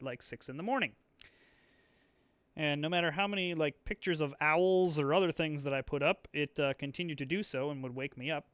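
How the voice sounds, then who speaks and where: Young guy talking through his board game turns, kinda high voice, lots of ums, dry close sound. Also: fairly bright tone, clean tone, dry recording. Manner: chatty, rambling, full of fillers and restarts. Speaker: board game video host. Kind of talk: casual thinking-aloud play commentary.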